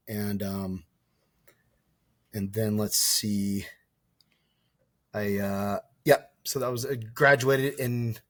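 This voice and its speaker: A man's voice: lowish voice, no echo, studio quality. A man of about forty telling his story as a podcast guest. He rambles, keeps correcting himself and acts out the dialogue. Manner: casual and profane, acts out quoted dialogue. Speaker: podcast guest, former soldier and wildland firefighter. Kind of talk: casual storytelling interview.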